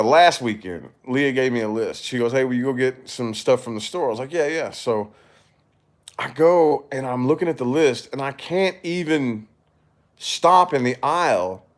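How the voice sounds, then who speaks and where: A man from Kentucky, a YouTuber, chatting casually with viewers in a rambling way, swearing and laughing often. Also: medium pitch. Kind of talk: casual livestream chat.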